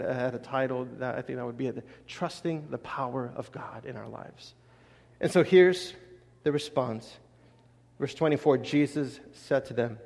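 A man in his thirties preaching a sermon, telling stories with lively acted-out quotes. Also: mid-range voice, vocal fry, long reverb tail. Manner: animated storytelling, acts out quotes. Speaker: pastor.

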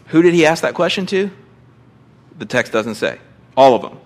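A middle-aged man preaching a sermon, reading scripture and acting out quotes with big swings between loud and quiet. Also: a little high, big pitch swings, fairly quick, long pauses. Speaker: pastor.

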